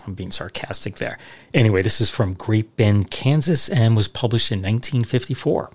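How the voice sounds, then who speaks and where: Low-voiced man hosting a podcast. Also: moderate pace. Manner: chatty, dry sarcastic asides. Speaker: podcast host. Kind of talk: podcast narration reading old letters.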